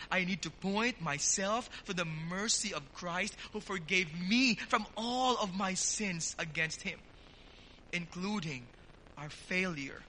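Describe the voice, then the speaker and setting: High, bright-voiced preaching man. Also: slight background noise, poor audio. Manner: earnest preaching, addresses the congregation directly. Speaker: pastor. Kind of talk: sermon.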